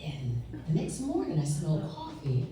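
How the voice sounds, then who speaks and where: A woman's voice: low voice, moderate pace, recorded from a distance, a crowd in the background. A woman storyteller telling a humorous family story at a live story slam, with audience laughter. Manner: animated, humorous, acts out voices. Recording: echoey live stage from afar. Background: audience laughter and room noise.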